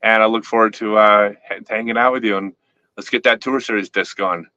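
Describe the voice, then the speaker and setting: Brief: male host, bright forceful tone, dry dull lo-fi recording, rambly and teasing. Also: fairly low pitch, fairly even intonation, fairly quick, dry recording. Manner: rambling with frequent restarts, playful teasing. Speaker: host, disc company owner. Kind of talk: casual interview chat.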